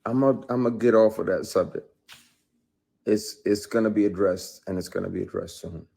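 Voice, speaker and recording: Here the actor's voice sits on the low side, fairly even in intonation and at normal speed, creaky and mellow with a breathy edge. In unscripted live-stream talk to his viewers he gets heated, swears freely, and hammers points by repeating them.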